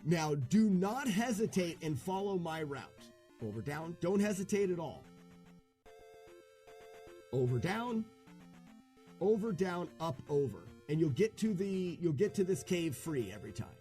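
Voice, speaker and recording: Male streamer, high lively voice, chatty play-by-play, faint music behind. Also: measured pace, pauses often. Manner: chatty, talks viewers through his route. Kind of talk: live gameplay commentary.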